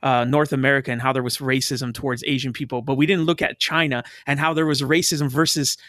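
A Canadian man in casual chat, talking fast and animated, often acting out quoted voices. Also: mid-range voice, no room sound, studio quality.

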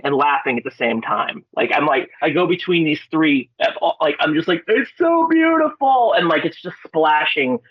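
A man from Alaska, a guest on a podcast, telling a story in a rambling, excitable way, swearing and restarting his words. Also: medium pitch, no room sound. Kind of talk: casual storytelling. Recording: dry, dull lo-fi audio.

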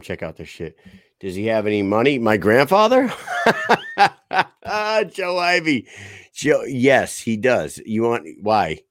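A man's voice: fairly low pitch, wildly swooping pitch, takes it slowly, long pauses, no echo, clean studio sound. A man co-hosting a casual podcast, swearing freely, laughing and mimicking his relatives. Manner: profane, laughing, mimics family members. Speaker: podcast co-host. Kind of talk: crude casual chat.

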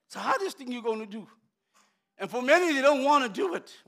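Male pastor, sermon, high voice, bright tone, passionate, shouts then hushes. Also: sing-song, a little fast, long pauses. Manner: impassioned, swings from shouting to hushed.

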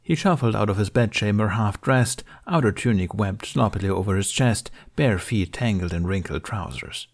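A man reading fan fiction aloud in a measured, even storytelling manner. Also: lowish voice. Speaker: reader. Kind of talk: scripted fan fiction narration.

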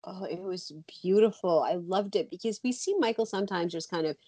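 A woman co-hosting a chatty podcast with a soft, breathy voice at a middle pitch. She is agreeable and backs up her co-host with short replies. The sound is dry and close. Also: a little fast, dry recording. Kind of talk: casual chat.

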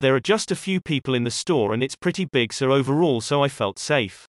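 A man reading posts from an online forum aloud in a steady, even storytelling manner. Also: mid-range voice, fairly quick, no echo, studio quality. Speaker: story reader.

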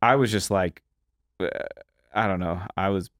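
A man's voice: deep voice, moderate pace, no room sound, clean studio sound. A man hosting a podcast, telling loose, profane kitchen stories with plenty of fillers. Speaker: podcast host, chef. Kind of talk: casual chat.

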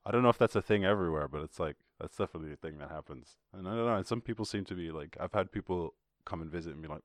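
A man's voice: low voice, racing, few pauses, no room sound, clean studio sound. A man with an Irish accent hosting a podcast, chatting in a rambling, laughing way and swearing often. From Ireland. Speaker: podcast host. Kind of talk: casual chat.

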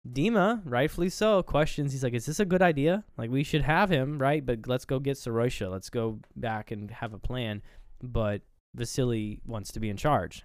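A man's voice: medium pitch, a little mellow, clean tone, no room sound, studio quality. A man co-hosting a podcast, casually recapping a film and acting out characters' lines with loose swearing. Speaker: podcast co-host.

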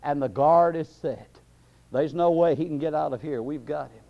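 A man's voice: fairly high pitch, moderate pace, gravelly, background noise. A man preaching a sermon, impassioned and building, with frequent fillers. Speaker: pastor. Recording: dull lo-fi recording.

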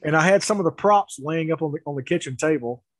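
A man telling a story in casual chat, animated, with laughs and restarts. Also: fairly high pitch, fast, no room sound, poor audio.

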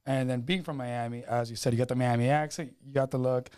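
A man's voice: medium pitch, fairly even intonation, fast talker, a little mellow, smooth. A man hosting a casual podcast, joking loosely and swearing freely. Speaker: podcast host.

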